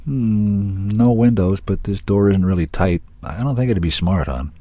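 A man's voice: lowish voice, unhurried, dark tone, no room sound, lightly acted. A man doing a laid-back slangy young guy. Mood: easygoing. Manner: casual, slangy.

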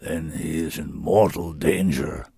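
A massive, blunt male beast from a spoken story, his words coming low and unhurried, each one clipped and gruff, as a narrator puts him on. The voice sits very deep, and it sounds close and dry with no room around it. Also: fairly even intonation, dark tone, dry recording, heavily acted.

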